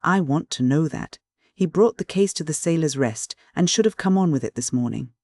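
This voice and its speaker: A man's voice: fairly high pitch, lively intonation, moderate pace, darkish tone, no room sound, clean studio sound. A man voicing an irate, egotistical professor who blusters and bellows. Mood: furious.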